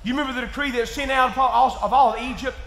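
Kentucky preacher man, high bright voice, folksy, echoey church, goes soft then yells. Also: steady tone, fast, vocal fry. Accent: Southern US, Kentucky. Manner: swings from quiet asides to shouted emphasis; folksy, plain-spoken. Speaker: pastor. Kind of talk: sermon. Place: church sanctuary.

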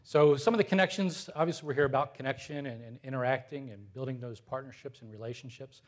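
A man's voice: mid-range voice, quick pace. A man in his fifties giving a conference talk to an audience, loose and conversational with many filler words and light self-deprecating humor. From United States. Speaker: conference presenter.

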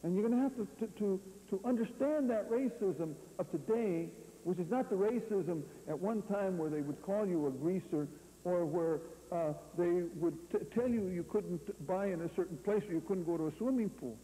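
A man's voice: high-pitched, moderate pace, dark tone. A man from California giving a rambling, story-filled lecture to an audience, often tossing out rhetorical questions and "you see". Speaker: guest lecturer. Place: university lecture hall. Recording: reverberant hall, faint hum, poor audio.

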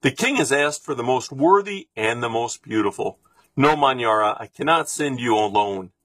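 Storybook: man voicing a dignified father, husky and plain. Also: mid-range voice, animated, moderate pace, a bit bright, no echo. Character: proud gentle father, Mufaro.

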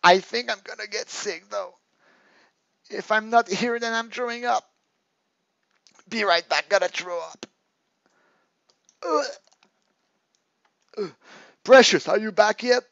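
A man voicing a lovesick, queasy young boyfriend in a comedic chat-log reading, mumbling low and mushy. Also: slow pace, creaky, pauses often, fairly bright tone, no echo, muffled recording, full character voice.

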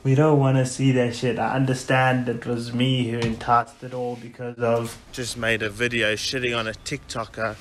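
A man's voice: medium pitch, level tone, normal speed, few pauses, fairly bright tone, slight background noise. A man hosting a podcast alone, rambling in a blunt, casual way and swearing freely. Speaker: podcast host. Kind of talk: casual solo podcast chat. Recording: echoey room.

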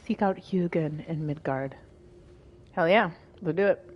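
A woman's voice: fairly low pitch, a little slow, muffled recording. A young woman streaming a video game, chatting casually and swearing freely. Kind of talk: casual gameplay commentary.

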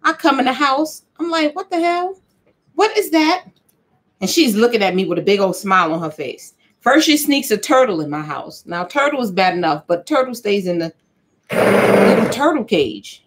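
A woman, possibly older, chatting casually as she makes soap for her vlog, telling playful stories in a lively, animated way. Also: medium pitch, moderate pace. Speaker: vlogger. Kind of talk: casual chat while making soap.

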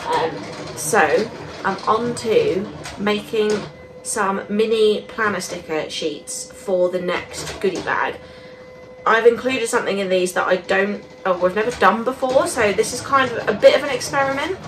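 A woman's voice: medium pitch, measured pace, noisy background. A young woman chatting casually in a vlog from her small studio office, rambling with lots of ums. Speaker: small stationery business owner. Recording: voice a bit far from the mic.

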